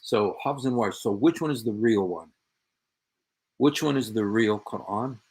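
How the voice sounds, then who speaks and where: A man's voice: fairly low pitch, unhurried, a little mellow, husky. A man hosting a show, commenting on played clips, sarcastically repeating quoted phrases and speaking directly to an absent opponent. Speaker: show host.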